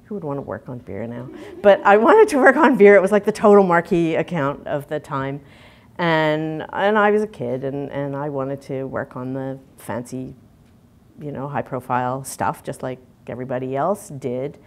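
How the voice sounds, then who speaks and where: A woman's voice: extremely low pitch, normal speed. A middle-aged woman, giving a candid conference talk full of fillers and restarts. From Canada. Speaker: conference speaker.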